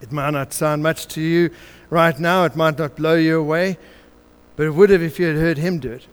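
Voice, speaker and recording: A man's voice: on the high side, steady tone, normal speed, clean tone. An older man preaching a sermon, telling a story and building it up through rhythmic repetition.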